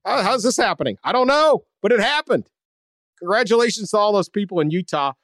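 Joking, animated podcast host, a man. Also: high voice, a little fast, dry recording, clean studio sound. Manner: joking, animated, trails off quietly. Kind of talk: casual sports podcast chat.

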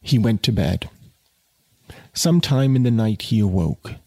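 Brief: man reading fiction aloud, casual asides, gravelly, husky voice. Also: lowish voice, animated, measured pace, a little mellow, dry recording. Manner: wry asides, conversational.

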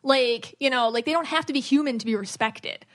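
A chatty woman hosts a casual podcast, her voice sitting a little high. She rambles with energy, breaking off and restarting her sentences as she goes. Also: fairly quick. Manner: rambling, animated, with many restarts. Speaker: podcast host and psychic medium. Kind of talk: casual chat.

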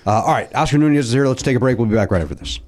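A man's voice: medium pitch, lively intonation, racing, a little mellow. A man co-hosting a podcast, teasing his guests in a wry, dry way and reading ads. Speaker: podcast co-host. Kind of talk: casual chat and ad read.

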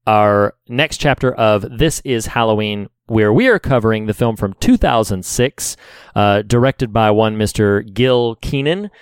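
A man co-hosting a podcast in casual chat, measured and pausing often with "uh". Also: fairly low pitch, animated, smooth, no echo. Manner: measured, with many "uh" pauses. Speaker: podcast co-host.

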